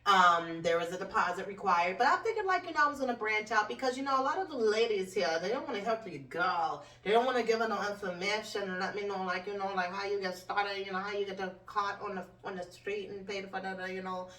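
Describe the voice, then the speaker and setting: A woman hosting her own show, ranting bluntly and swearing with sharp swings in tone. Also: medium pitch, quick pace, hardly any pauses. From United States. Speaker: host. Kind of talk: profane comedic rant. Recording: roomy echo, distant from mic.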